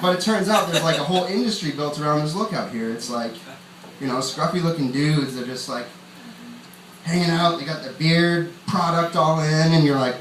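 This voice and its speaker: A man's voice: a little high, normal speed, fairly bright tone. A young man from upstate New York doing a stand-up comedy set on a club stage, rambling and chuckling at his own jokes. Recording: roomy club sound, far from mic, audience noise.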